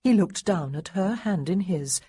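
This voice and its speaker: A woman narrating a historical romance audiobook in an expressive way, lightly voicing the characters. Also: on the low side, a little slow, husky, no echo. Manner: expressive, voices the boys lightly. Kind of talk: scripted narration.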